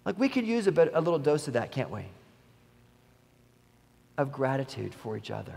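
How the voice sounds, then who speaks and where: A man's voice: medium pitch, big pitch swings, normal speed, gravelly, a little mellow. A male pastor preaching a sermon in a church, earnest and conversational, with emphatic quoted lines. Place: church sanctuary. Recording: long church reverb.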